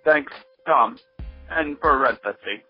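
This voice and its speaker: Robot android, voiced by a man, slow and mechanical, dull lo-fi sound, soft music under it. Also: mid-range voice, slightly rough. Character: robot android reading a listener letter, flat and slow. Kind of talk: reading a listener letter in a robot voice.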